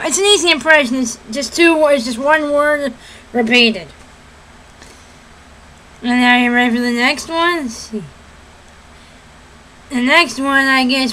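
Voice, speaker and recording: Giggly woman with a high, bright voice. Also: rough recording. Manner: giggly, self-deprecating. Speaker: vlogger doing impressions. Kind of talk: casual chat.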